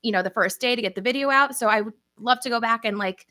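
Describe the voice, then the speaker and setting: Chatty young host, New York accent, bright, slightly high voice, upbeat livestream Q&A energy. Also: female voice, quick pace, dry recording, clean studio sound. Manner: chatty, upbeat, laughs often. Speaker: channel host. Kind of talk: casual livestream Q&A.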